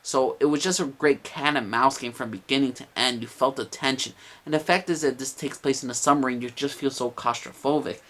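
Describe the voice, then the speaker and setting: A man's voice: medium pitch, steady tone, a little fast, few pauses, a bit bright. Rambling, enthusiastic male movie reviewer. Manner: enthusiastic, rambling with many fillers.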